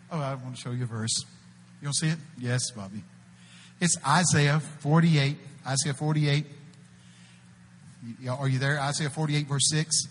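A man preaching a sermon, telling folksy stories and breaking out to shout quoted prophecies before dropping to a hush. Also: medium pitch, measured pace, pauses often, big-room sound, slight background noise. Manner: animated, folksy, shouts out quoted prophecies, swings between loud and hushed. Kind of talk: sermon with storytelling. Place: church.

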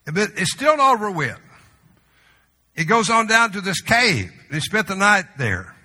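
Bright-voiced male pastor in a reverberant hall. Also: high voice, sing-song. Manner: conversational preaching with humorous asides; drops to a soft, slow voice for tender moments. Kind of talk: sermon. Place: church sanctuary. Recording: long reverb of a large hall.

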